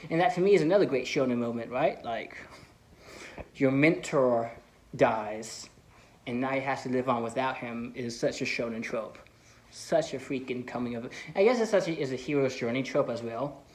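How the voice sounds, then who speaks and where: A man talking through film theories in a loose, unscripted vlog. He rambles, circling back with "like" and "you know" as he thinks aloud. He sounds like an eager fan at an ordinary middle pitch. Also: moderate pace. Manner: enthusiastic fan. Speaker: film vlogger. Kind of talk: casual movie commentary.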